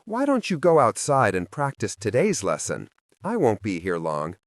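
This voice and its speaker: Samarin, a gentle, soft-spoken man of magic, voice low and smooth with a wide, lively lilt, courteous even when worn thin by patience, as a male narrator puts him on. Dry, close sound. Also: moderate pace, no room sound. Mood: exasperated.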